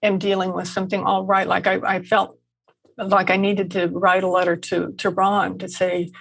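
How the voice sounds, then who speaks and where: A woman guest on a podcast, telling stories gently with frequent restarts and light laughs. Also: fairly low pitch, completely flat delivery, normal speed, vocal fry, poor audio. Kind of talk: conversational interview.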